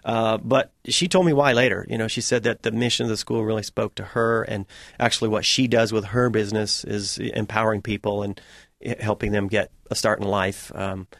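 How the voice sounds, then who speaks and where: A man's voice: on the low side, steady tone, brisk, vocal fry, a bit bright, dry recording. A man, guest on a talk show, telling a story in casual conversation and acting out the quotes of the people in it. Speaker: guest, music school director.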